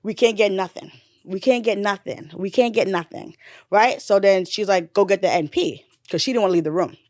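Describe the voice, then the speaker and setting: A woman's voice: mid-range voice, brisk, dry recording, studio quality. A woman, a nurse and bereaved mother, retelling a painful memory in a candid podcast conversation. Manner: candid, swearing, drifts from loud retelling to quiet grief.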